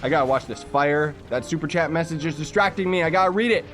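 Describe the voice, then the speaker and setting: A man's voice: on the high side, quick pace, fairly bright tone, faint music behind. A young man from Canada chatting casually while livestreaming a game, reading chat messages aloud and making jokey asides. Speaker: livestreaming gamer.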